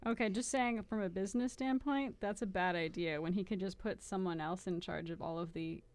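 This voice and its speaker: A woman's voice: medium pitch, fairly quick, a little mellow. A woman co-hosting a podcast, explaining things casually and with enthusiasm. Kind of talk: casual chat.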